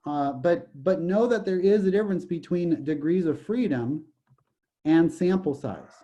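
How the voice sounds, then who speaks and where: Jokey, mellow-voiced male math professor. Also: a little high, a little slow, dull audio. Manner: jokey, digressive, repeats "okay". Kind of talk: recorded statistics lecture.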